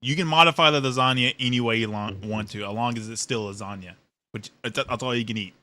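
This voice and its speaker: A man's voice: mid-range voice, quick pace, pushed and bright. A man in casual podcast chat, laid-back and joking with swearing.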